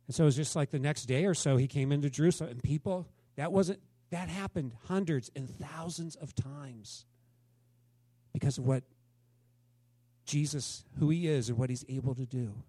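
A man's voice: on the high side, normal speed, mellow, no echo. A man preaching a sermon to his congregation in a conversational way, often asking them questions. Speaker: pastor.

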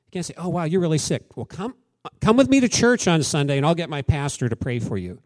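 A man's voice: fairly high pitch, lively intonation, quick pace, a little mellow, dry recording. A man preaching a sermon as pastor, candid and conversational, telling stories and acting out quotes.

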